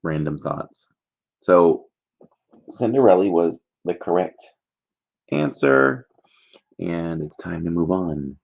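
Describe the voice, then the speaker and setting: A man's voice: sits low, animated, slow pace, gravelly, pauses often, a little mellow, muffled recording. A man hosting a casual trivia livestream, chatty and jokey, rambling between questions.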